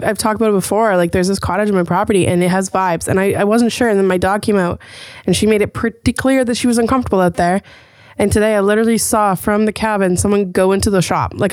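A woman hosting her own podcast, talking casually and telling stories with lively, profane chatter. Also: medium pitch, no room sound, clean studio sound. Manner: chatty, swears freely, animated storytelling. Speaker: podcast host. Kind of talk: casual chat.

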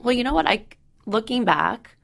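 A woman in her thirties hosting a parenting podcast, telling family stories in a lively casual way. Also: a little high, normal speed, gravelly. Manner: lively storyteller, acts out quotes. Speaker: podcast host. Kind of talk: casual chat.

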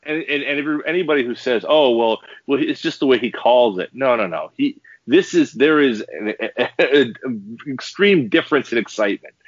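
A man's voice: medium pitch, normal speed, breathy edge, dry recording. Ranting male sports podcaster, lo-fi. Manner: ranting, animated, stumbling restarts. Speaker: podcast co-host. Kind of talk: heated casual sports talk. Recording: dull dry lo-fi podcast audio.

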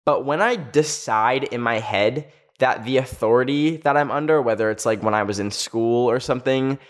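A young man telling a story to camera in a loose, chatty way, with "like" scattered through every sentence. His voice has a middling pitch and an ordinary, everyday sound. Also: moderate pace. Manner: chatty, fills speech with "like". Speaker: video creator. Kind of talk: storytime vlog.

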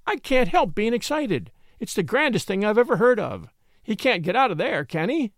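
A man reading an audiobook, voicing a spirited, excitable young woman who gushes and teases sweetly. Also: high voice, normal speed, dry recording, clean studio sound, voice pushed up. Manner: breathless, gushing, sweetly teasing.

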